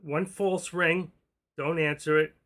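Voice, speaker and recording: A man's voice: on the high side, steady tone, takes it slowly, a bit bright. A man hosting a live stream, chatting casually in a rambling, jokey and brash way.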